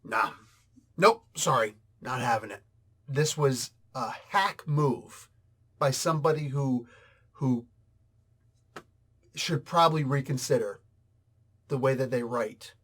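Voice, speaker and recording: A man's voice: medium pitch, slow, pauses often, a bit bright. Heated, emphatic male comic reviewer. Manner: heated, emphatic, repeats himself. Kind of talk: casual opinion commentary.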